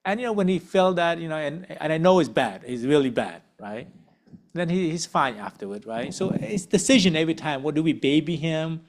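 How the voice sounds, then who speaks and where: A man's voice: on the high side, a little fast. A man leading a church parenting workshop in casual group discussion, conversational and always asking "right?". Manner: conversational, frequent tag questions. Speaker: uncle.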